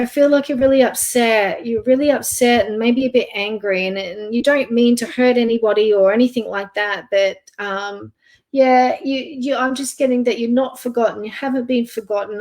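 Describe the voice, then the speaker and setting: A soft-spoken woman gives a live psychic reading online. She speaks gently and hesitantly, pausing on fillers as she goes. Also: fairly high pitch. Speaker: psychic reader.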